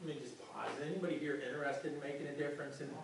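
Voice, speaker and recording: A man's voice: a little high, fairly even intonation, very fast, background noise. A male pastor giving a conversational sermon, often repeating words as he speaks. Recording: echoey room from far off.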